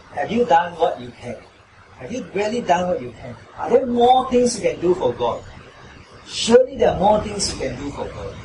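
A man preaching a sermon as pastor, pressing his listeners with repeated rhetorical questions that build into emphatic pleas. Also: mid-range voice. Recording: roomy echo, distant mic, noisy.

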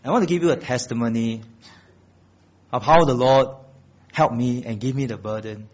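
Husky preacher man, rising and falling. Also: medium pitch, lo-fi sound. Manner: rises to loud emphatic peaks, then drops soft and slow on key phrases. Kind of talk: sermon.

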